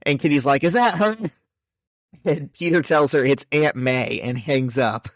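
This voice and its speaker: A man's voice: mid-range voice, no room sound. Man recapping a comic on a dry mic. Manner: reads out comic dialogue in quick summaries. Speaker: podcast co-host. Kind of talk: casual podcast chat recapping a comic.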